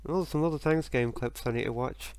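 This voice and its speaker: A man's voice: medium pitch, brisk, darkish tone, clean tone. A man talking casually with friends during a racing game in a dry, matter-of-fact way. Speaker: gamer. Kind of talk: casual gaming chat with friends. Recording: game noise behind.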